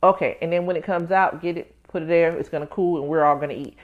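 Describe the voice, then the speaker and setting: Woman podcast host, low-ish voice, candid animated storytelling, calls listeners baby, dull lo-fi audio. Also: fast talker. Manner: addresses listeners as "baby" and "y'all". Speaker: podcast host, tax professional. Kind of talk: casual personal podcast talk.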